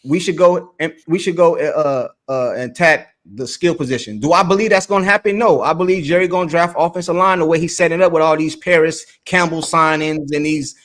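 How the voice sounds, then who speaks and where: A man arguing his point on a casual sports show, rattling along at a fast clip. His voice sits a little high. He keeps tripping over his words, repeating and restarting, and defends his view with insistence. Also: fairly bright tone. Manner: halting, repeats and restarts phrases.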